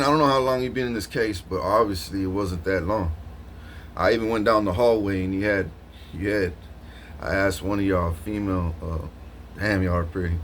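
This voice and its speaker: A man talking straight to camera in a rambling, slangy, animated monologue, laughing often, just up from a nap. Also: fairly low pitch, normal speed, pauses often, slight background noise. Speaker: vlogger.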